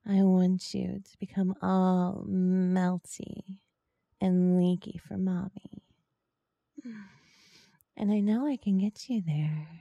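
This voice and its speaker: A woman in whispered role-play, speaking softly and coaxingly, with teasing murmurs close to the microphone. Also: fairly low pitch, fairly even intonation, no echo, highs cut off. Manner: soft, slow, coaxing and teasing, with breathy murmurs. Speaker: ASMR role-play performer.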